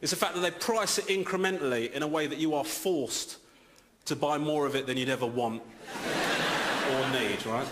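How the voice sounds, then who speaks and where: A male stand-up comedian doing an exasperated routine that builds to loud rants on a TV studio stage. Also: on the high side, moderate pace, heavy background noise. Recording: echoey stage with loud ambience.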